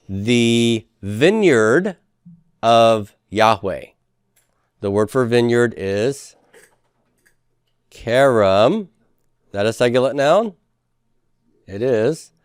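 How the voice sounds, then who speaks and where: A man's voice: lowish voice, clear, resonant tone, dry recording, clean studio sound. A man giving a classroom lecture, asking his students questions and answering them himself. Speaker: professor.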